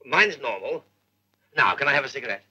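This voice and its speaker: A man's voice: medium pitch, lively intonation, a little fast, pushed and bright. A man playing a petulant, bedridden captain who blusters for whiskey and cigarettes in a 1950s British film.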